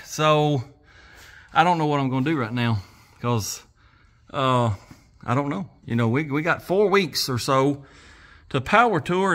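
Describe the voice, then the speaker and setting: A man's voice: fairly high pitch, fairly bright tone. A man hosting a casual garage vlog, rambling in a folksy, self-deprecating way and a little out of breath. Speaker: garage channel host. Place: home garage.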